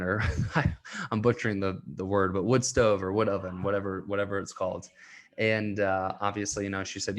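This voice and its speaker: A man's voice: deep voice, flat delivery, normal speed, a bit bright. A young man hosting a solo podcast, talking earnestly and getting emotional, laughing through tears at times. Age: young adult. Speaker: podcast host and coach.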